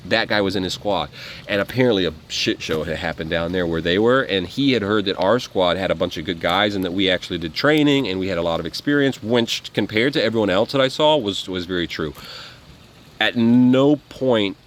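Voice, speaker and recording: Man vlogger, lowish voice, loose rambling storyteller, faint hiss behind. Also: brisk. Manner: rambling, conversational, frequent fillers and restarts. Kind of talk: casual storytelling monologue.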